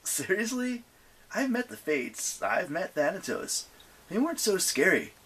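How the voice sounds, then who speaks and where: A woman's voice: mid-range voice, very animated, unhurried, a bit bright, husky, voice pushed up, full character voice. A woman voicing a sarcastic, unimpressed teenage boy demigod in a storybook reading. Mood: scoffing.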